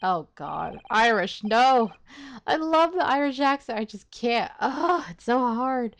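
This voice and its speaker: A woman's voice: fairly high pitch, animated, takes it slowly, dry recording. A woman giving casual, chatty, self-deprecating commentary while playing a story game. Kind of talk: casual let's-play commentary.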